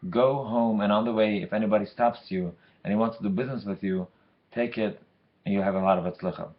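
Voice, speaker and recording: Guy doing a calm wise old rabbi giving advice, low voice. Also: fast, highs cut off, close to an everyday voice. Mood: instructive.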